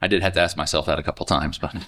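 A man's voice: low-pitched, fairly even intonation, very fast, bright, forceful tone. A man teaching from the Bible in a casual, conversational way, often asking his listeners questions. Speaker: preacher.

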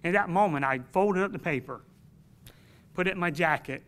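A man's voice: high voice, moderate pace, a bit bright, clean tone. A man preaching a sermon to his congregation in an earnest, emphatic way, telling a personal story.

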